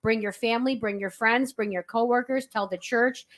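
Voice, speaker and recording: A woman's voice: a little high, steady tone, normal speed. A woman from a real estate office, a guest on a radio show, talking in an upbeat and persuasive way. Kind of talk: promotional guest talk.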